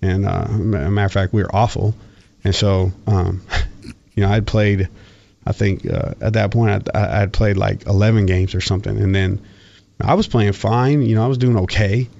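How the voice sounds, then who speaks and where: Gravelly low-voiced man telling stories. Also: fairly even intonation, moderate pace, dark tone. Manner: rambling, many fillers and restarts. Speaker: former football player, guest. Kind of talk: casual storytelling interview. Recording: dull lo-fi sound.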